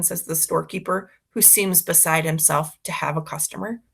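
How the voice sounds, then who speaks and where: A woman's voice: on the low side, moderate pace, creaky, hardly any pauses, fairly bright tone, slightly rough. A woman reading a children's story aloud expressively, narrating as a boy. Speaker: reader for schoolchildren.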